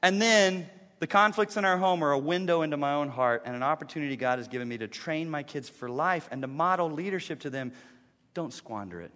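Bright-voiced male pastor preaching in a hall. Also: high-pitched. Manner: conversational preaching, acts out his own inner voice. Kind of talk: sermon. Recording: long hall reverb.

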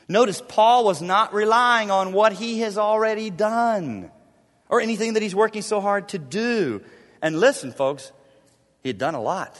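A pastor preaching a sermon, emphatic and repetitive, swinging between loud stressed words and hushed low drops. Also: male voice, lively intonation, normal speed, long reverb tail. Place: church sanctuary.

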